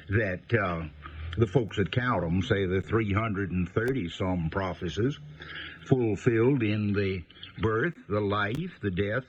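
Man, Bible teacher, unhurried and folksy, pausing often, muffled old radio recording. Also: lowish voice, slight background noise. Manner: folksy, unhurried, explaining with many pauses. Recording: dull lo-fi radio broadcast.

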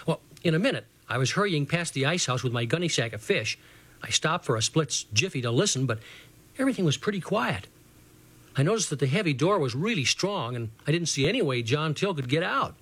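Middle-aged male storyteller, fairly high voice, very animated, reading a kids' adventure serial. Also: fairly quick, breathy edge. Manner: lively, animated boyish first-person narration. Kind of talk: children's radio story reading.

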